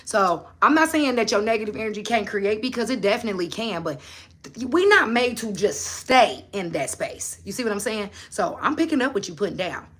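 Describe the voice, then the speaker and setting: Fairly quick and slightly rough, this woman's medium-pitched voice is still bright and forward. In casual livestream talk with a motivational bent, she preaches animatedly and repeatedly turns to her viewers with pointed questions.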